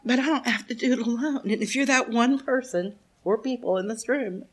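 A woman's voice: fairly high pitch, moderate pace, hardly any pauses, a bit bright. A woman in her fifties giving a frank, personal testimony to a group at a recovery meeting, talking straight to the room, swearing and laughing often. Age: 50s. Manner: addresses the room directly. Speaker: speaker sharing at a recovery meeting.

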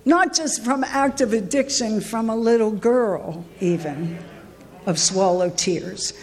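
A woman with a high voice tells her recovery story at a meeting, candid and emotional. Her pitch and pace swing widely as she talks. The sound carries a long reverb from a large hall. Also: slow, darkish tone. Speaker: recovery speaker. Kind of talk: personal recovery share at a meeting.

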